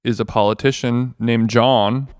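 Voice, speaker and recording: A man's voice: medium pitch, steady tone, unhurried, smooth, no echo. A man co-hosting a podcast, rambling through a casual story and swearing freely. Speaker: podcast co-host. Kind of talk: casual chat. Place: basement of a villa.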